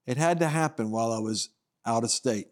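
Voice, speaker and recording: A male minister gives his personal testimony on a broadcast at a brisk pace. He acts out the quoted dialogue as he tells it, swinging between loud, high bursts and low, quiet asides.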